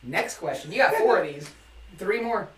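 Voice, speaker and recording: A man's voice: high-pitched, animated, normal speed, a crowd in the background. A young man hosting a live stream in casual chat, telling a story with energy and a lot of swearing. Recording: echoey room, mic at a distance.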